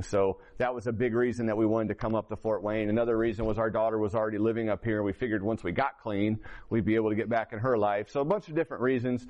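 A man in his forties from Indiana giving a candid personal testimony, rambling with restarts. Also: medium pitch. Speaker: recovering addict telling his story.

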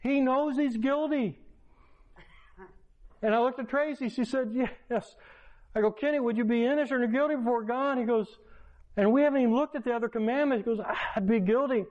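A man, a pastor, preaching a sermon by retelling a personal story with quoted dialogue. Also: fairly quick. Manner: animated retelling with quoted dialogue, pitch rising in excitement. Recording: lo-fi, dull sound.

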